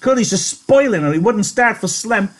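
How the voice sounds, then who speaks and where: A man's voice: high voice, lively intonation, moderate pace, voice pushed up. A man voicing a sarcastic, gossipy male ranch hand in a reading aloud. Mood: eager.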